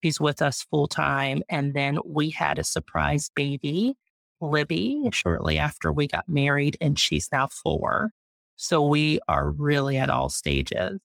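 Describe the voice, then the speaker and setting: A woman in her thirties, a guest, chatting proudly and warmly about her homestead and her family. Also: sits low, expressive, a little slow, gravelly, dry recording, clean studio sound. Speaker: guest, urban homesteader and mom. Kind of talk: casual interview chat.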